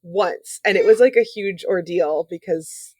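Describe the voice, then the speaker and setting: A woman's voice: on the low side, measured pace, darkish tone, no room sound. A woman music teacher chatting casually on a podcast, upbeat and full of fillers.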